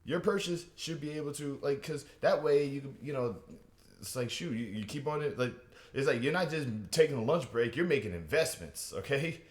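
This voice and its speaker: A man doing a rambling, animated stand-up comedy rant, with many restarts and asides. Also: medium pitch, normal speed, echoey room, a little hiss or hum.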